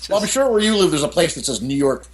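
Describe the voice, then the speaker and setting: A man's voice: on the high side, sing-song, fast talker, a little hiss or hum. A middle-aged man from the United States, an author talking as a guest, telling candid stories with lots of "you know" and "I mean" asides. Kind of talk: candid storytelling in an interview.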